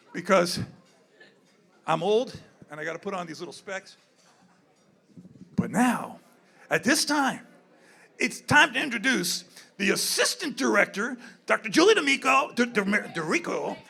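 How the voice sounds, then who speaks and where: High-voiced older man, rambling gala speech. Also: gravelly, a bit bright. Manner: rambling, candid, repeats himself. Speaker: zoo wildlife worker speaking at a gala. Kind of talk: off-the-cuff event speech. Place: indoor event room.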